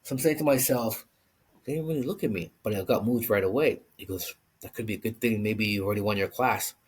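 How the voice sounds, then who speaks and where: Casting: deep, husky man, animated storyteller, throws on voices for quotes. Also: fast. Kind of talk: casual storytelling.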